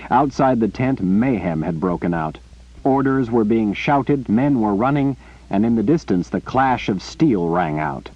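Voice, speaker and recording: A man reading an audiobook in a lively storytelling way. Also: fairly low pitch, a little slow, no echo. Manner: animated storytelling. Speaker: audiobook reader. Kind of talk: scripted narration. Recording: muffled lo-fi recording.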